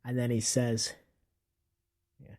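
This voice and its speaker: A man with a mellow, mid-range voice recaps an imagined wrestling match play by play in a flat monotone. He's a fan telling it offhandedly and without hurry, correcting himself as he goes.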